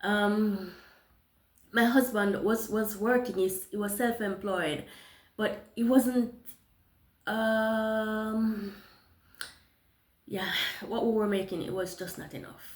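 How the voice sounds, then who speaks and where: A woman telling a personal testimony, animated, with many restarts and acted-out dialogue. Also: mid-range voice, slow, pauses often, roomy sound. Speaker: motivational storyteller.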